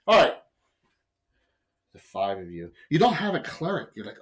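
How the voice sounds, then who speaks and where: A man's voice: medium pitch, wildly swooping pitch, normal speed, a bit bright. A man running a live tabletop game as game master, talking in a rambling way with many fillers and restarts.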